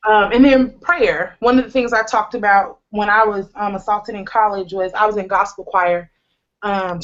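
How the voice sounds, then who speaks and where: A woman's voice: mid-range voice, a bit bright. A woman in her twenties, hosting a talk show and candidly sharing a personal testimony with earnest, humorous asides. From United States. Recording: slightly dull, lo-fi recording.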